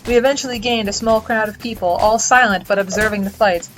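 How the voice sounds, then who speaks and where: A woman's voice: a little high, fast talker, fairly bright tone, faint music behind, low-quality recording. A woman reading a visual novel aloud as host, casual and swearing freely in her asides. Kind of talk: reading game narration aloud with joking asides.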